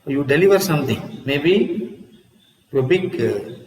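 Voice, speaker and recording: A man, teaching a lesson in a slow, repetitive way and often asking "see?" and "huh?". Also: on the high side, lively intonation, a little mellow. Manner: slow, repeats each word, asks "see?" and "huh?". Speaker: English teacher. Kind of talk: classroom lesson. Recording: echoey room with long reverb.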